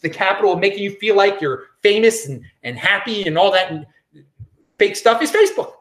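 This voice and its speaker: Vlogger, off-the-cuff opinion talk, blunt, repeats lines for punch, pitch swings up and down freely. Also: big pitch swings, brisk, fairly bright tone. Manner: blunt and dismissive, repeats phrases for emphasis. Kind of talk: casual opinion commentary.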